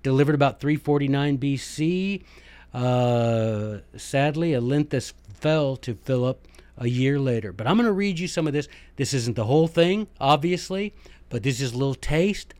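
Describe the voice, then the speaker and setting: A man's voice: mid-range voice, expressive, normal speed, a little mellow, no echo. A man hosting a podcast in a casual monologue, talking with lots of fillers and asides and muttering some comments under his breath. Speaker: podcast host; former teacher, book club leader.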